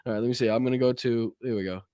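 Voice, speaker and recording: A man's voice: mid-range voice, fairly even intonation, rapid-fire, warm tone, no echo, clean studio sound. A man reading out clips and ranting about them with heavy profanity. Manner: reads clips aloud, then comments. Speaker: political commentator. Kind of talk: profane reaction commentary.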